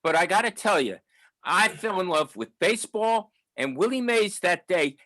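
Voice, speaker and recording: A seventies-aged man reminisces in a loose, rambling way, full of fillers and restarts. His voice sits a touch higher than most men's. The sound is close and dry, with no room around it. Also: animated, moderate pace, pushed and bright, no echo, poor audio. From New York, the Bronx. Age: 70s. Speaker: audience member at a book talk. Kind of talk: casual storytelling.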